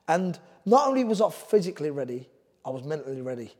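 A man's voice: on the high side, sing-song, quick pace, a little mellow, big-room sound. Earnest Cockney-accented man, rambling. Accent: London Cockney. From Ireland. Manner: rambling, earnest, drifts off topic. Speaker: former boxer, guest. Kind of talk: candid podcast interview.

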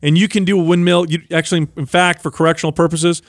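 A man's voice: fairly high pitch, little pitch movement, quick pace, dry recording, studio quality. A man co-hosting a fitness podcast, walking listeners through exercises step by step. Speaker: podcast co-host. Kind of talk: casual fitness podcast chat.

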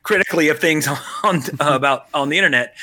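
A man's voice: on the high side, quick pace, pushed and bright. A man co-hosting a podcast, chatting casually about movies in a rambling way, full of restarts and fillers. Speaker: podcast co-host.

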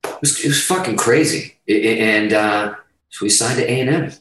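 Male guest, low, profane and animated storyteller, echoey room, off-mic. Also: moderate pace, slight background noise. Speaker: podcast guest, musician. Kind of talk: casual storytelling. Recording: roomy, distant mic.

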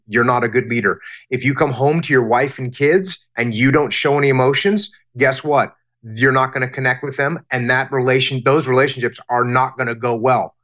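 A man answering interview questions about leadership in a deliberate, emphatic way, often repeating phrases for emphasis. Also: medium pitch, a bit bright, lo-fi sound. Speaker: guest, former military leader.

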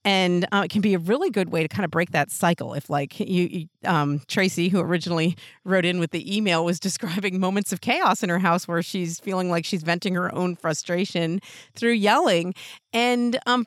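A woman hosting a parenting show, giving earnest, gentle advice in a casual way and laughing lightly between thoughts. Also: on the low side, no echo, studio quality. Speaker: parenting podcast host.

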